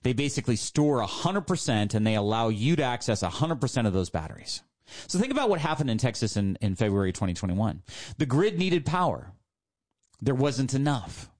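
Emphatic male radio host making a pitch. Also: very animated, a little fast, darkish tone. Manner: emphatic, persuasive, repeats key points.

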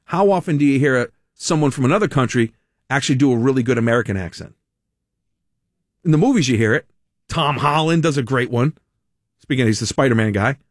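A man's voice: mid-range voice, quick pace, pauses often, no echo, clean studio sound. A man hosting a talk radio show, delivering a sarcastic, mocking monologue with frequent laughs.

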